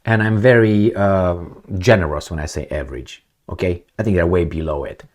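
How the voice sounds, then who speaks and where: A man giving blunt solo commentary, firing rhetorical questions and swinging between loud and soft. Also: deep voice, moderate pace. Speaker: political commentator.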